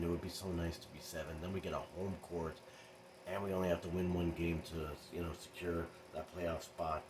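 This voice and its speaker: A man's voice: deep voice, background noise. A man doing a casual, rambling basketball recap for his vlog, talking straight to his viewers. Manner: rambling, animated, talks to viewers. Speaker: sports fan vlogger.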